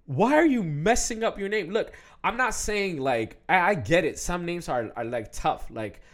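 A young man talking casually to the camera, animated, with many fillers, restarts and laughs. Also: high voice, moderate pace. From Ethiopian heritage, raised in the West.

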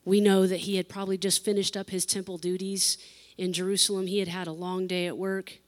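A woman's voice: lowish voice, level tone, a little fast. A woman pastor preaching an emotional sermon, repeating phrases for emphasis and laughing between lines.

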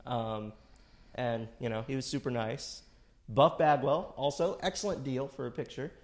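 A man in his late twenties chats on a podcast, telling a story and swearing freely. His voice sits at an ordinary pitch for a man. His asides come out dry. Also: moderate pace. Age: late 20s. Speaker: podcast co-host. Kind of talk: casual chat.

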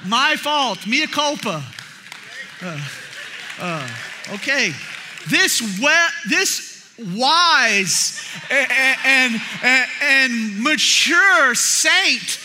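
A young man preaching a sermon, telling a story with animated energy and bursts of shouting as he acts out others. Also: very high-pitched, slow pace. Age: young adult. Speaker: pastor.

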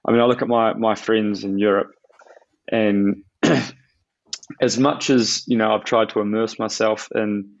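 New man, animated storytelling chat. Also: lowish voice, measured pace, gravelly, muffled recording. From New Zealand. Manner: animated, storytelling, hesitant fillers. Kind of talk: casual chat.

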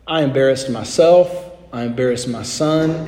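Middle-aged guy preaching, tells a story animated then goes quiet, slightly high voice, echoey church. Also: moderate pace. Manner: animated anecdote, acting out dialogue, drops to soft tones. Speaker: pastor. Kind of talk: sermon storytelling. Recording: long hall reverb.

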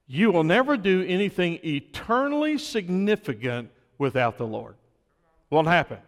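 A man's voice: high voice, big pitch swings, normal speed, in a large hall. A man preaching a sermon in an earnest way, building to emphatic peaks, recovering from illness. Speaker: pastor.

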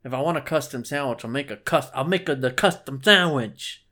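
A man's voice: mid-range voice, a little fast, bright, forceful tone. A young man with a mid-range voice vents on a casual podcast, swearing freely and sounding exasperated. His rant builds with comic frustration. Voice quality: ranting, swears a lot, exasperated. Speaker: podcast co-host. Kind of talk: casual chat.

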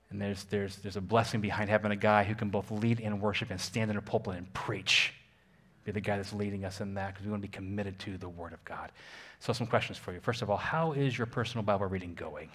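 A man's voice: on the low side, steady tone, brisk, fairly bright tone. A man, a pastor, preaching a sermon with emphatic call-and-response and repeated phrases.

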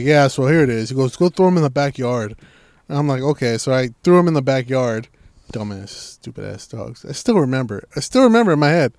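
Recorded dry with clean studio sound, a young man's mid-range voice carries a casual, heavily profane story. He animates it by doing voices for the people he quotes.

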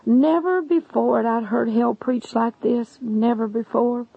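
A woman's voice: on the high side, fairly even intonation, a little slow, vocal fry, husky, dry recording. A woman preacher earnestly narrating a testimony sermon, addressing listeners as friends. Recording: dull lo-fi recording.

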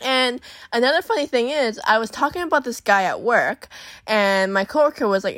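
A young woman, telling a dating story on her podcast in a casual, animated, profane way and acting out the voices she quotes. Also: a little high, a little fast, no room sound, studio quality. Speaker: podcast host.

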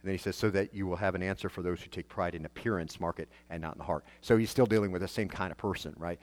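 A man's voice: sits low, fairly even intonation, quick pace. A man, a pastor, preaching a sermon in a conversational way, asking rhetorical questions and often restarting his phrases.

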